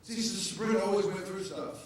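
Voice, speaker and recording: A man preaching an animated sermon as pastor, joking and shouting to his congregation. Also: high-pitched, fast, heavy background noise. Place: church sanctuary. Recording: echoey church hall heard from far off.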